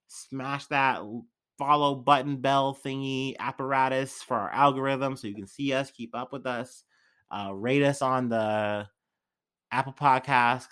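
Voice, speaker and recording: A man's voice: mid-range voice, a bit bright. A young man hosting a casual podcast, rambling loosely with lots of fillers and swearing. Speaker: podcast host. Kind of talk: casual solo podcast chat.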